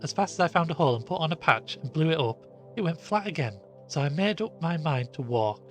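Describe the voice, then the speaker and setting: A man voicing a shaken young gentleman who recounts his ordeal in a rueful, animated way. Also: fairly high pitch, brisk, faint music behind, pitched above the performer's own voice.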